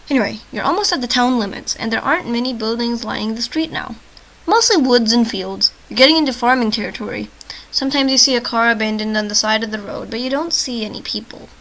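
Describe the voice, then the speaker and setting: A woman's voice: fairly high pitch, sharp tone, slight background noise, poor audio. A woman reading a text adventure aloud with chatty, self-mocking asides, often tripping over words and laughing it off. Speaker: let's-play host reading a text game aloud.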